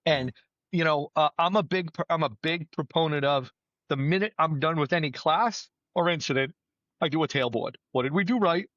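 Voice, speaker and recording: A middle-aged man, a battalion chief, telling firefighting stories in a casual podcast chat, plainspoken and lively. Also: fairly high pitch, normal speed, no room sound, lo-fi sound. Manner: storytelling, animated, plainspoken with mild swearing.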